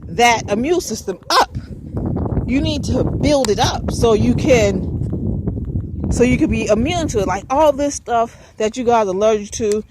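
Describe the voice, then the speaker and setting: A woman's voice: a little high, animated, measured pace, noisy background. A woman hosting her own show, delivering a fired-up, profane, preachy monologue straight to her listeners. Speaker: podcast host. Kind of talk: ranting spoken monologue.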